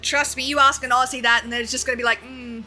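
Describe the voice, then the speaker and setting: A woman's voice: sits high, fairly even intonation, fast talker, sharp tone. A young adult woman streaming a video game, chatting casually with her viewers, laughing often and swearing freely. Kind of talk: casual gaming livestream chat. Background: faint game music.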